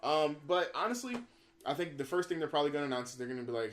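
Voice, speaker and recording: A man's voice: mid-range voice, quick pace, a little hiss or hum. A man co-hosting a casual gaming podcast, telling hopes as an acted-out story, mimicking crowds and swearing freely. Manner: animated storyteller, acts out crowd reactions, swears. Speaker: podcast co-host.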